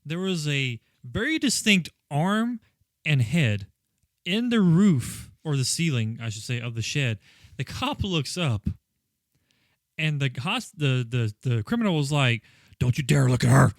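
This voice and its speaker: A man's voice: a little high, very animated, measured pace, dry recording, clean studio sound. Sarcastic, profane male podcast co-host. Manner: sarcastic, profane, mimics characters. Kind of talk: casual movie-riffing chat.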